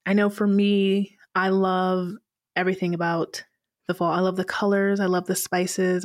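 A woman hosting her own podcast, talking solo to her listeners in a chatty, playfully sarcastic way. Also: on the low side. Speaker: podcast host.

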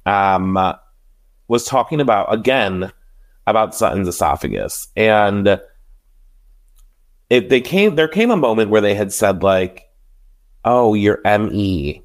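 A man's voice: lowish voice, unhurried, long pauses. A man hosting a podcast, chatting casually and animatedly as he recaps reality TV, acting out what people said. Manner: chatty, animated retelling with quoted voices. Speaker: podcast host. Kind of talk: casual solo recap chat.

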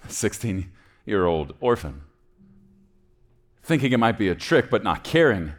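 A man's voice: lowish voice, very animated, unhurried, pauses often. A man, a pastor, narrating a story during a sermon with dramatic, shifting pace.

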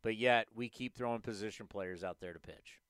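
A man's voice: on the low side, brisk, fairly bright tone, clear, resonant tone, dry recording, studio quality. A man hosting a sports podcast, ranting animatedly and hammering points by repeating them. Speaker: podcast host. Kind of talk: casual sports talk.

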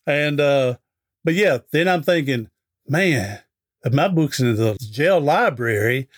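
A man's voice: a little high, expressive, slow pace. A middle-aged man, a guest on an interview podcast, telling a folksy anecdote in a chatty way and acting out the dialogue. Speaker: interview guest, author and speaker.

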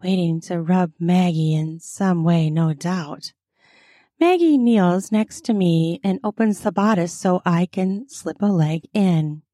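A woman reading an erotic story aloud in an intimate, unhurried storytelling manner. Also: fairly low pitch, dark tone, no echo, studio quality. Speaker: narrator.

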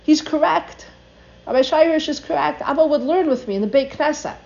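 A woman's voice: high-pitched, a little fast, creaky, darkish tone. An older woman giving an earnest religious talk, reading passages aloud and then translating them. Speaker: Torah teacher. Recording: dull lo-fi recording.

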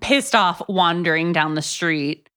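A woman's voice: on the low side, measured pace, a bit bright, clean tone. A woman co-hosting a podcast, chatting casually and sarcastically about a book, her voice swooping up for emphasis. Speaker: podcast co-host. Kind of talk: casual book-review chat.

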